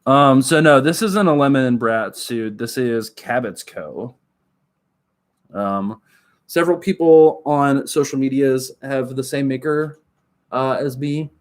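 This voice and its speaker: Man, from oklahoma, livestreamer, casual rambling chat, giggly, filler-heavy, mid-pitched voice. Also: measured pace. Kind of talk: casual chat with live viewers.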